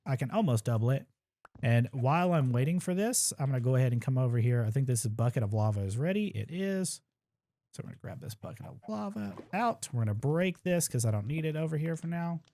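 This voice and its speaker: A man's voice: mid-range voice, lively intonation, fast talker, mellow, no echo. A young man casually talking through his own game speedrun, thinking aloud as he plays and tossing in wry asides about his mistakes. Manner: casual, thinks aloud while playing, self-deprecating asides. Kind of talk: live gameplay commentary.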